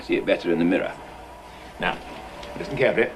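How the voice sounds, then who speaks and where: In a 1960s musical film, an actor plays an exacting, impatient phonetics professor who drills his pupil in precise, hectoring diction as a speech tutor. His natural-sounding voice is deep and fast, with background noise present.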